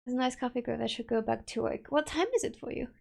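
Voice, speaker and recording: A woman with a slightly high, gravelly voice chatting casually on a live stream. She giggles often and reads chat aloud in a loose, chatty way, talking into a desk mic at home. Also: fairly even intonation, fast talker, darkish tone.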